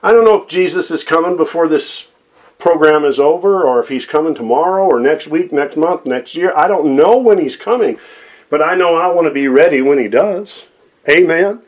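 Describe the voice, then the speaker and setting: A man's voice: a little high, moderate pace. A middle-aged man preaching on Bible prophecy in a folksy way, often checking in with "okay?" and "amen".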